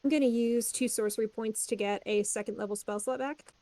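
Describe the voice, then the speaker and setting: A woman's voice: a little high, steady tone, brisk, mellow, no room sound. Woman player sorting her spells, plain talk, dry mic. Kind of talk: casual tabletop play.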